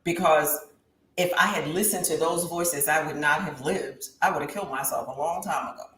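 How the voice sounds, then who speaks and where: A woman's voice: low voice, normal speed, a bit bright. A woman in her thirties giving an impassioned testimony in an interview, with a preacher-like rise and fall. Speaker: guest talk show host. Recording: roomy echo with faint background hiss.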